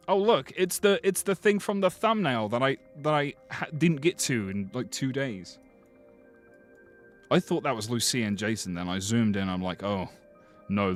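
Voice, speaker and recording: A man's voice: medium pitch, normal speed, soft background music. A man chatting casually on a live stream, joking with his chat as he looks through game screenshots. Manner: chatty, jokey, lively.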